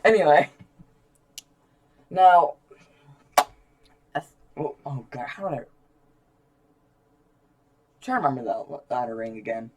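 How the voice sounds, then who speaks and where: Man, co-host, casual chat, teasing, laughs a lot, average pitch. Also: expressive, slow pace, long pauses, darkish tone. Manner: joking, laughs often, teasing.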